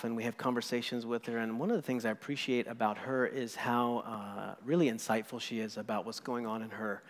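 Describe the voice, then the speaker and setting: A man, a pastor in his thirties, preaching a sermon with earnest emphasis that swings between loud points and soft near-whispers. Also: medium pitch. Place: church sanctuary. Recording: long hall reverb.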